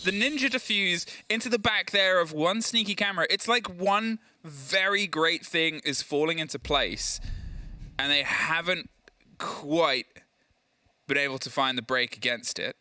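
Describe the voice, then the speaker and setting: A young man giving analytical esports color commentary, measured, often restarting his sentences. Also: a little high, sharp tone, no room sound.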